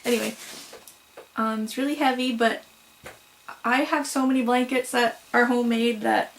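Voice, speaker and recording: A young woman chatting casually to camera at home about her crochet projects, with frequent "um"s and "so"s and quick apologies. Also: fairly high pitch, fairly even intonation, low-quality recording. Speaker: crochet vlogger. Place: home room.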